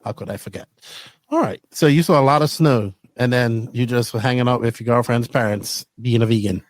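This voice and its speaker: A middle-aged man hosting a podcast, chatting casually and telling stories in an animated way, swearing freely. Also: medium pitch, a little fast, no room sound. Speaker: podcast host. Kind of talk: casual chat.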